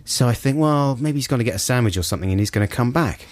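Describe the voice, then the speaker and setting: A man co-hosting a radio show, telling a long anecdote in casual chat, and his voice climbs high when he acts out his anger. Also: lively intonation, fast talker, darkish tone, no echo. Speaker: radio co-host. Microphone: studio microphone.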